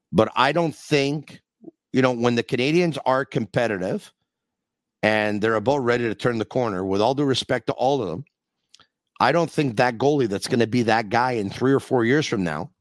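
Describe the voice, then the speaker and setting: Animated bilingual man hosting sports talk. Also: mid-range voice, no echo, studio quality. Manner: animated, switches between English and French, rants playfully. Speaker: radio podcast host. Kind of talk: live call-in sports talk.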